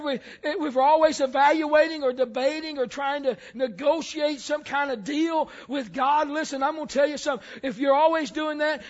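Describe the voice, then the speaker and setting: A man preaching a sermon as pastor, telling stories and stumbling over repeated words before building to loud, emphatic calls. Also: extremely high pitch, muffled recording.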